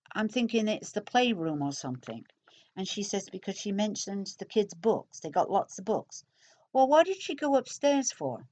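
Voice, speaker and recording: A woman's voice: medium pitch, a little mellow. A woman giving casual recorded commentary on a true crime case, chatty and repetitive, speculating aloud with asides.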